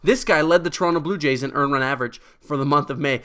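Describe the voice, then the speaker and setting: A man's voice: a little high, lively intonation, quick pace, hardly any pauses, pushed and bright. A man as a guest commentator, delivering a heated, profane and exasperated recap of baseball stats.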